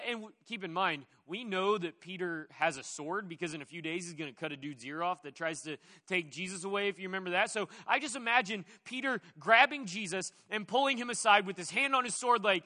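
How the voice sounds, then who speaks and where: Bright, animated male preacher. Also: high-pitched, fairly quick, hardly any pauses. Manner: animated, conversational, with playful asides. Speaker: pastor. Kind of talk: sermon.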